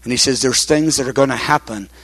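Storytelling preacher with a dry sound. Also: male voice, medium pitch, fast, a bit bright, no room sound. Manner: conversational, repeats himself, many fillers. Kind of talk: sermon storytelling.

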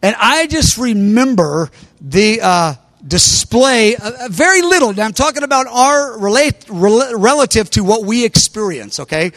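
A man's voice: high-pitched, expressive, moderate pace, fairly bright tone, dry recording. A man preaching, telling a story with animation and raising his voice when he quotes others. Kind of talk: sermon testimony.

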